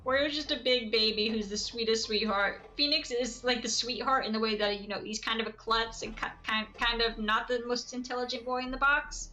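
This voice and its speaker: A woman's voice: fairly high pitch, steady tone, a little fast, few pauses, sharp tone, poor audio. A woman streamer chatting casually while gaming, rambling and laughing often.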